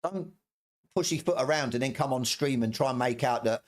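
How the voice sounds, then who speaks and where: A man's voice: medium pitch, normal speed, darkish tone. A middle-aged man streaming a heated, swearing rant, stumbling over his words and repeating himself. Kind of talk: angry ranting commentary.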